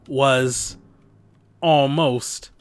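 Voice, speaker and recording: A man's voice: medium pitch, fairly even intonation, extremely slow, smooth, soft background music. A man hosting a let's play, reading the game's text aloud and chatting in an amused, playful way. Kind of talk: casual game commentary and reading aloud.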